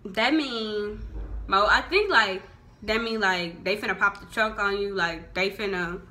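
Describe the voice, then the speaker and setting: Heavy background noise surrounds a young Houston vlogger who talks about local slang in a Southern Houston accent. She's from Houston, Texas, speaks unhurriedly in a mid-range voice, laughs often and says "like" frequently.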